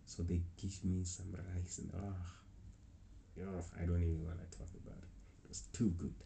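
A man's voice: sits low, little pitch movement, moderate pace, vocal fry, mellow, a little hiss or hum. A young man casually telling a rambling travel story. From South Africa. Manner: rambling, with many restarts and acted-out quotes. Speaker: travel vlogger.

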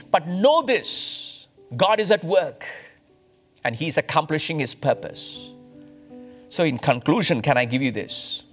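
A man from India, a pastor, preaching a sermon with emphatic rises and slow, stressed phrases. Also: on the high side, expressive, a bit bright, faint music behind.

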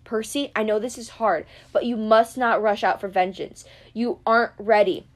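A woman reading the part of a weary, kindly old male centaur teacher in a gentle, measured, grave way. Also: mid-range voice, steady tone, lightly acted. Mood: grave counsel. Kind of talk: audiobook character reading.

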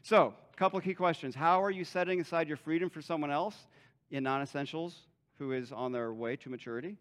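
Conversational pastor with a higher male voice. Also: brisk. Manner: conversational, acts out imagined dialogue; ends in a quiet prayer. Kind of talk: sermon.

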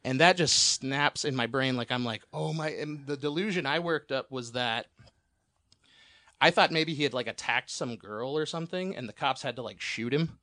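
A man's voice: mid-range voice, moderate pace, bright, forceful tone, no echo, studio quality. A man telling a long, rambling personal story as a podcast guest, laughing often and swearing freely.

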